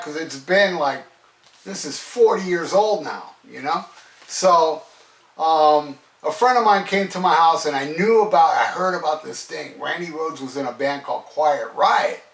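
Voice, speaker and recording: A man's voice: fairly high pitch, a bit bright. Enthusiastic rambling man, echoey room. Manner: enthusiastic, rambling, swears freely. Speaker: metal album reviewer. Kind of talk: casual rambling review. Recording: roomy echo, distant from mic.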